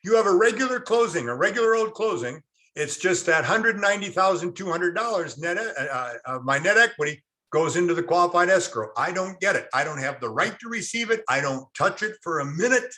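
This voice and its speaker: Bright-voiced man teaching a class. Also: sits high, expressive, brisk. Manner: storytelling, quotes people in acted asides, quizzes the class. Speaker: real estate instructor. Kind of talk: online class lecture.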